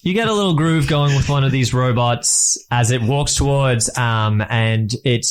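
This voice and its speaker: A man narrating a tabletop role-playing session as its game master. His descriptions wander and halt, full of little fillers as he hunts for the right word, at a middling pitch. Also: clear, resonant tone. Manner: rambling, halting descriptions with fillers and laughs.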